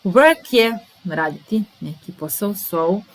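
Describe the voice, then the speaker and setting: Slow, careful woman teaching English words. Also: mid-range voice, animated, low-quality recording. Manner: slow, deliberate, repeats example sentences. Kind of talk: vocabulary lesson mixing English and Serbian.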